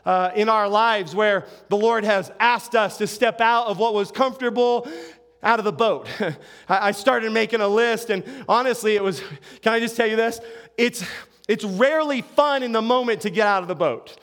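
A man's voice: high-pitched, moderate pace, fairly bright tone. A middle-aged male pastor giving a sermon in a conversational, storytelling way, with frequent asides and restarts.

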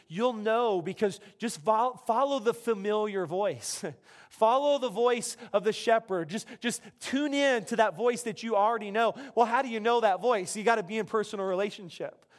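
High-voiced animated male pastor. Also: normal speed. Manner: conversational, animated, self-interrupting preacher. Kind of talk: sermon.

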